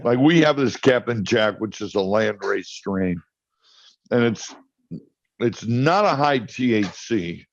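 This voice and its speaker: A man chatting as a guest on a talk show, telling stories in an animated way and often restarting his sentences. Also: lowish voice, takes it slowly, creaky, no echo, highs cut off. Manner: storytelling, animated, repeats words when starting. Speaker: guest, cannabis grower. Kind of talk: casual talk show chat.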